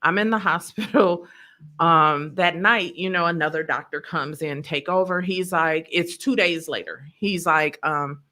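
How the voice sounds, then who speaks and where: A woman with a fairly low voice speaks unhurriedly, her tone pushed and bright. She's a podcast guest telling a personal story with emotion and vivid detail, acting out what people said.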